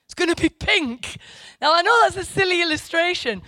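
A woman's voice: extremely high pitch, animated, brisk, pushed and bright, dry recording, clean studio sound. A middle-aged woman from England giving an informal, chatty Bible teaching that wanders off track and then presses hard on her key points. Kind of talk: informal Bible study talk.

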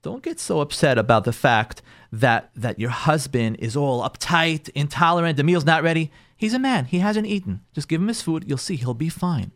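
A man's voice: a little high, lively intonation, moderate pace, a bit bright, no room sound. A man, a rabbi hosting a call-in advice show, telling a counseling story and giving advice, repeating phrases for emphasis. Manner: acts out quoted people in shifting voices.

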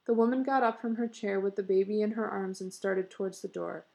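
A woman narrating a story in a measured, expressive way. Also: medium pitch, creaky, low-quality recording.

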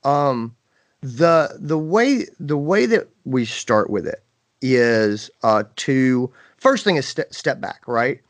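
A man's voice: medium pitch, expressive, slow pace, no room sound. A man hosting a podcast in casual chat, acting out scenes with playful exaggeration. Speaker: podcast host.

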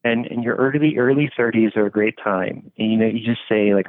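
A man's voice: on the low side, fairly quick, hardly any pauses, dry recording. A man talking casually and philosophically, rambling with many fillers and swearing freely. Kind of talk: casual conversation. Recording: dry, tinny phone-like sound.

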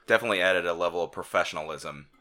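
A man's voice: low-pitched, rapid-fire, sharp tone. A man hosting a sports podcast, opening with a polished presenter-style intro and then chatting casually. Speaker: podcast host. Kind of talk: casual chat with scripted intro.

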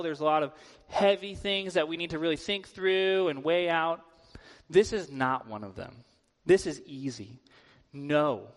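A man giving a sermon as a guest preacher in a church, talking in a conversational way with casual filler words. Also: high voice. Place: church sanctuary. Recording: long hall reverb.

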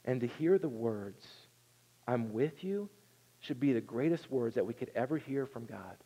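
A man preaching a sermon, telling the story with earnest energy and swinging from loud to hushed. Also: medium pitch, moderate pace, slightly rough. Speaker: pastor. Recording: long reverb in a large hall.

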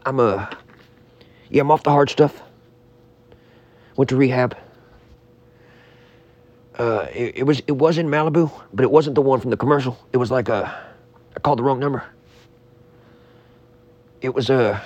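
A man bantering on a comedy podcast, rambling through absurd stories with a deadpan delivery. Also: medium pitch, no room sound.

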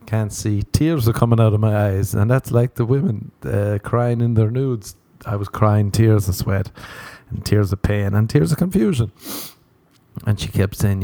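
Podcast host, young adult male, lowish voice, loose profane storytelling with put-on voices. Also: moderate pace, dark tone, dry recording. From Ireland. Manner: profane, self-mocking, acts out voices. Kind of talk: rambling comedic monologue.

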